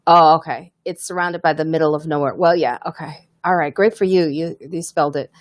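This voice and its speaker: A woman's voice: deep voice, steady tone, fairly quick, few pauses, no echo, clean studio sound. Candid woman hosting a live chat. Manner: candid, conversational, reads viewer comments aloud. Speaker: podcast host and comedian.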